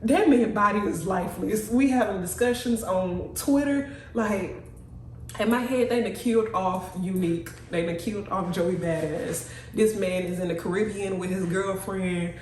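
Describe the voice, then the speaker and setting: A young woman recapping a TV show in a casual, animated way, talking bluntly and swearing freely. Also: mid-range voice, moderate pace, recorded from a distance, a little hiss or hum. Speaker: TV recap vlogger. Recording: echoey room, voice off-mic.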